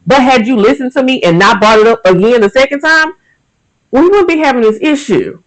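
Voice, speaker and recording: Speaking at a moderate pace in a high voice, this thirtysomething podcast host talks frankly about faith and daily life in a loose, casual monologue. His manner is emphatic, candid and animated, though the audio is poor.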